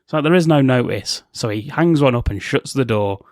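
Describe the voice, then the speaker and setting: A man co-hosting a podcast, retelling film scenes in casual chat and slipping into quick character impressions, laughing often. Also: medium pitch, lively intonation, a little mellow, no echo, studio quality. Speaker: podcast co-host.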